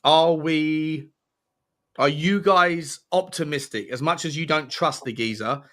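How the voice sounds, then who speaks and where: Bright-voiced host. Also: male voice, fairly high pitch, a little slow. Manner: energetic, rambling with restarts. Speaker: livestream host. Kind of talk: casual livestream chat.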